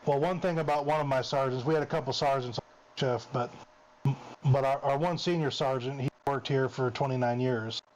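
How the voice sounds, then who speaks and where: A man's voice: mid-range voice, fairly even intonation, fairly quick, a little mellow, low-quality recording. A former police officer, a man, telling a long story in casual chat, repeating words and "he said" often.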